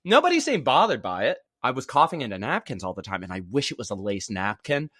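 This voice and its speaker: A man's voice: mid-range voice, very animated, quick pace, fairly bright tone, slightly rough, dry recording. A man from Texas co-hosting a casual podcast, telling stories with dry, self-mocking humor. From Galveston, Texas. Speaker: podcast co-host.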